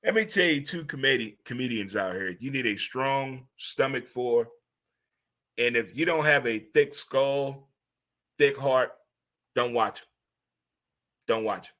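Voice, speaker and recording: A man from St. Louis hosting a casual monologue, animated and preachy, swearing freely as he gives pep talks. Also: medium pitch, measured pace, pauses often. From St. Louis, USA. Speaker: host.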